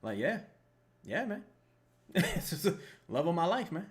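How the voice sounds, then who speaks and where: A young man talks over a basketball game he is watching live. His voice sits a little high and swings widely up and down. He jokes, swears and rambles as he reacts. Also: a little slow. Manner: animated, joking, profane and rambling.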